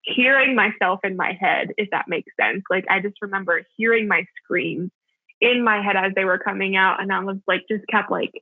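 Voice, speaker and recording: A woman's voice: mid-range voice, moderate pace, no room sound. A young adult woman telling a personal story as a podcast guest, chatty and full of filler words. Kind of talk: casual storytelling. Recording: tinny phone-line audio, dry.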